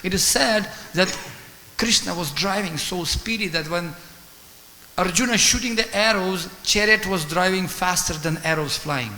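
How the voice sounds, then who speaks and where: A man giving a sermon as a guest speaker, telling stories in an animated way, acting out dialogue and chanting Sanskrit verses. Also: sits high, unhurried. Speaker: guest speaker at a temple class. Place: temple hall. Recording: echoey temple hall with faint hiss.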